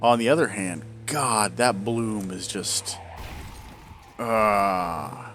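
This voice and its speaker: A man's voice: fairly low pitch, very slow, fairly bright tone, a little hiss or hum. A man in his forties talking casually over gameplay, rambling off into tangents, hiccuping and speaking around a swollen tongue. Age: 40s. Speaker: gameplay video creator.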